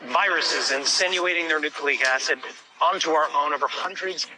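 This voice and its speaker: An actor playing a driven, brooding male scientist in a film, speaking with quiet intensity. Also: fairly high pitch, normal speed, natural voice. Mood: intense. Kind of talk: film dialogue. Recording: noisy movie clip.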